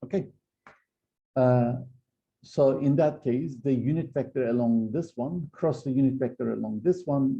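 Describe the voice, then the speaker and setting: A man lecturing on physics in a very dark, gravelly voice. He explains patiently, pausing often and restarting his sentences. The recording sounds a bit dull and lo-fi. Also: mid-range voice. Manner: hesitant, many fillers and restarts while explaining. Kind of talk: university lecture.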